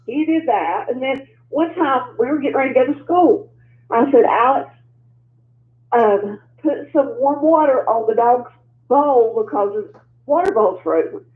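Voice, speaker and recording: A middle-aged woman calling in to a show, telling family stories in an excitable, exasperated way. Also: high voice, unhurried, echoey room. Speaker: caller. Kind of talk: casual phone call-in story. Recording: tinny phone line with faint hum.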